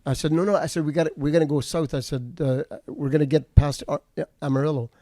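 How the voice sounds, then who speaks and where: A male trucker telling a road story in casual chat, steady and matter-of-fact. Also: on the high side, fast talker, no room sound, clean studio sound. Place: studio table.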